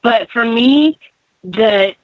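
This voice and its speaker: Woman guest, tarot reader, rambling, fairly high pitch, dry, dull sound. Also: extremely slow, dry recording. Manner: relaxed, rambling with fillers. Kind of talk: casual interview chat. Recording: dry, dull call audio.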